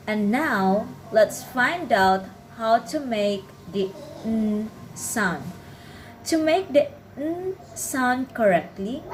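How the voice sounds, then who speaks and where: A woman, narrating a pronunciation lesson in a careful, clearly enunciated way. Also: mid-range voice, a little mellow, a little hiss or hum, low-quality recording. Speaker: pronunciation teacher. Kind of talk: scripted instructional narration.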